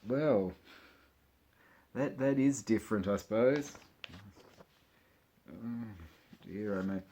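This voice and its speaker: A man's voice: fairly low pitch, slow, dark tone, a little hiss or hum. A man, chatting casually as a vlogger, joking and laughing to himself as he leafs through an old magazine. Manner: chatty, giggly, joking asides while leafing through a magazine. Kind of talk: casual chat.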